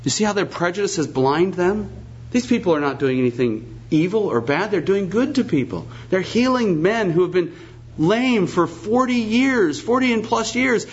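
A man's voice: sits high, animated, moderate pace, slightly rough. A man preaching a sermon, emphatic and repetitive, posing rhetorical questions, in a dull lo-fi recording.

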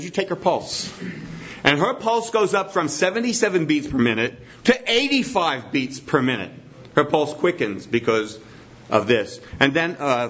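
A man's voice: fairly high pitch, fairly bright tone. A man preaching a sermon in a teacherly way, repeating his key points for emphasis. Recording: dull lo-fi recording.

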